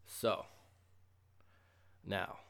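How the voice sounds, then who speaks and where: A man in a casual monologue, ranting with profanity and sarcasm, quiet at first and then growing loud and heated. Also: extremely slow.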